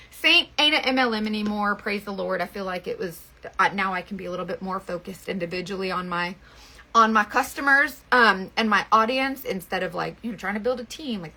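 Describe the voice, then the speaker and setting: Chatty bright-voiced woman. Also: fairly high pitch. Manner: chatty, rambling, lots of fillers and restarts. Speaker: makeup seller and vlogger. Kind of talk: casual storytelling chat.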